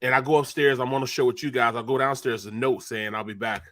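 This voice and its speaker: A man's voice: mid-range voice, fairly even intonation, fast talker, fairly bright tone, no echo. A man on a video call tells a story in an exasperated, annoyed way. His sound is dry and close, with no room around it. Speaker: show panelist. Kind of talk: casual sports talk.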